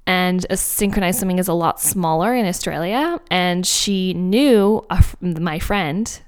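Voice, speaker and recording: A woman hosting a podcast, telling a personal story in an animated, emphatic way with fillers and laughs, recorded at a home office mic. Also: fairly low pitch, unhurried, clean tone. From Canada. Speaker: podcast host. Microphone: home office microphone.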